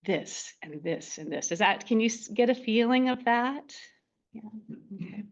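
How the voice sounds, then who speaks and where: A woman leading a meditation class, giving a gentle dharma talk and often checking in with "right?" and "okay?". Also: fairly high pitch, expressive, moderate pace, dull audio. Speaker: meditation teacher.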